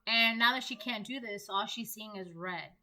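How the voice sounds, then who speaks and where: A woman's voice: mid-range voice, moderate pace, pushed and bright, slight background noise. A woman giving a casual spoken tarot reading. She rambles and keeps checking in with "right?" and "um". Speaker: tarot reader.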